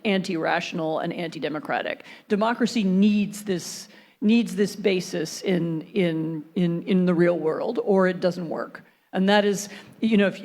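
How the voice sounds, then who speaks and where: Woman panelist, measured analytical talk, careful restarts. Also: on the low side, darkish tone. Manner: thoughtful, hesitant restarts, then fluent argument. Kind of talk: panel discussion.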